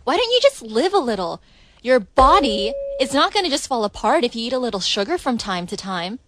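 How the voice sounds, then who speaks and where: Lady playing a teasing chill girl, high lively voice, skit. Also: fairly quick, a little hiss or hum. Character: laid-back young woman teasing a health nut. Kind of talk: comic radio skit.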